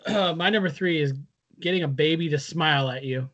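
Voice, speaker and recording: A young man from the Seattle area chats easily as a podcast co-host, agreeable and relaxed. His voice sits a little high. It comes through dull, lo-fi video call audio. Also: a little fast. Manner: easygoing, agreeable. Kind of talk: casual chat.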